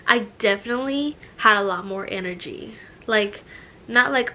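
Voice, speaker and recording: A woman's voice: medium pitch, normal speed, sharp tone, a little hiss or hum. A young woman chatting casually in a vlog, filling her talk with "like" and "you know", a little out of breath. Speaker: vlogger. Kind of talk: casual pregnancy update vlog.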